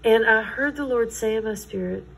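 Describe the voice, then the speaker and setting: A woman's voice: a little high, normal speed, creaky, a bit bright, a little hiss or hum, rough recording. A middle-aged woman, telling her personal faith story in an earnest, conversational way. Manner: earnest, conversational, quotes others in dialogue. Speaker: Christian testimony speaker.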